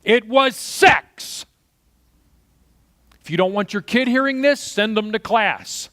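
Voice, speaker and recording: A middle-aged Texas pastor preaches a sermon, swinging between loud, punchy asides and quiet storytelling. His male voice sits high and moves slowly.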